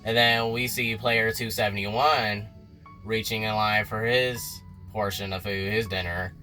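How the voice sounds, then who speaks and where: A man recapping a TV episode in a slangy, animated storytelling way, talking straight to his viewers. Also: on the low side, measured pace, faint music behind. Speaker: TV recap vlogger.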